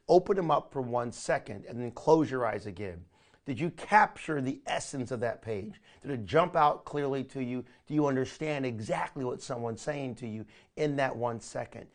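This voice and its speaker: Energetic man coaching a training session. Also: medium pitch. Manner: energetic, coaching, says "my friend" often. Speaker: online marketing trainer.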